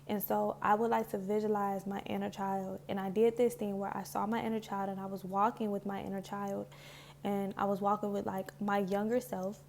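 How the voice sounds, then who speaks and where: A woman's voice: medium pitch, little pitch movement, moderate pace, vocal fry, a little mellow, a little hiss or hum. A woman talking to camera about spiritual healing in a casual, heartfelt way, loose and full of "like"s, close to tears. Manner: earnest and heartfelt, loose with many "like"s. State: emotional, near tears. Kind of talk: casual reflective talk to camera.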